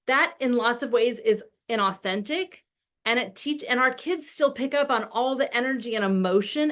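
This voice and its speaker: Her voice sits on the high side with a fairly bright tone. A middle-aged parenting expert, she explains her ideas to camera in an earnest way, voicing a parent's lines with big feeling.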